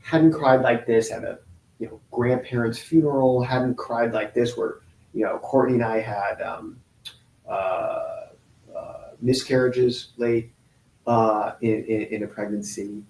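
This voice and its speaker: A man in his forties telling a painful personal story in an interview, halting and restarting often. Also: medium pitch, steady tone, a little mellow, a little hiss or hum. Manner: halting, with many restarts and pauses. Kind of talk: emotional personal account in an interview. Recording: roomy echo.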